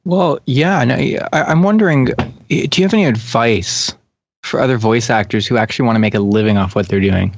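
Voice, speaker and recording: A man co-hosting an interview, animated and laughing often. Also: medium pitch, fairly quick, creaky. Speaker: podcast co-host. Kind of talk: casual interview chat. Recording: dull lo-fi audio with faint noise.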